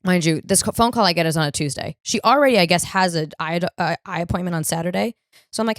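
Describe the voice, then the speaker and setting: A woman's voice: fairly low pitch, quick pace, no room sound, studio quality. A young woman hosting a comedic solo podcast, telling self-mocking stories in a blunt, profane way. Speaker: podcast host.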